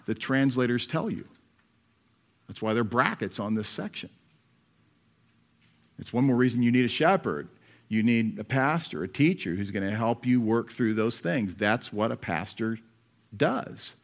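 A man's voice: medium pitch, lively intonation, unhurried, pauses often. A middle-aged man, a pastor, preaching an expository sermon in a conversational way, with rhetorical questions and asides to the congregation.

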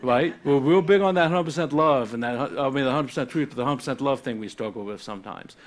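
A man's voice: medium pitch, fast. A man preaching a casual, conversational sermon and teaching from scripture, with frequent stammered restarts. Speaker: pastor.

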